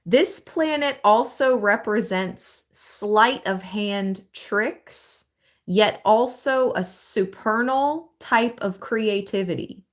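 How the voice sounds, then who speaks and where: A woman giving a casual live-stream tarot reading, chatty and thinking aloud with drawn-out phrases. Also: medium pitch. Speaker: tarot reader.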